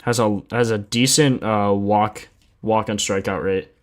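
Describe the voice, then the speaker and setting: A man hosts a betting livestream in a relaxed, slangy way, talking straight to his chat. His voice sits a little low and sounds sleepy, as if he just got up. He reads out stats loosely and keeps it informal. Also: takes it slowly. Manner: laid-back, slangy, reads stats aloud and answers chat. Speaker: sports betting livestream host.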